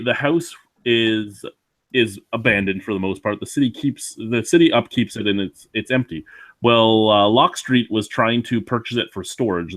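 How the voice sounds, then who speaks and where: Low-voiced man hosting a beer show. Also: fairly bright tone, dry recording. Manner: rambling, many fillers. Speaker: podcast host. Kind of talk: casual beer podcast chat.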